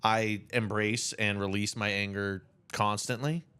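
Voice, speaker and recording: A young man co-hosting a casual podcast, joking and lively, breaking into mock yells. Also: lowish voice, a little slow, smooth. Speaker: podcast co-host. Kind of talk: casual chat.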